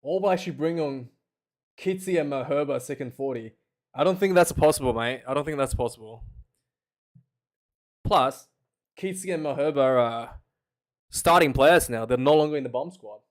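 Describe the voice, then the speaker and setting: A man streaming casual live commentary on a match, chatty and jokey, prone to loud incredulous rants. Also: mid-range voice, moderate pace, pauses often.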